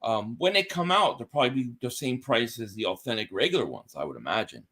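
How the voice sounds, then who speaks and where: A man's voice: medium pitch, quick pace. A man co-hosting a casual sports podcast, telling stories and reading viewer chat aloud. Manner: animated storyteller, reads viewer chat aloud. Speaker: podcast co-host.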